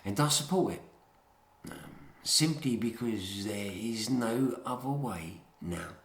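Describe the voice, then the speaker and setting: A man's voice: lowish voice, animated, slow, fairly bright tone. A man delivering a bitter, contemptuous ranting monologue. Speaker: speaker giving a talk. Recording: echoey room.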